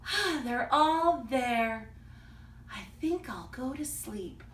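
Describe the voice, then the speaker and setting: A woman's voice: high voice, lively intonation, slow pace, full character voice. A woman voicing a grumpy, easily angered male cap peddler in a storybook reading, scolding and raising her voice. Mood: content. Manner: scolding, rising to shouted anger. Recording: roomy, from a distance.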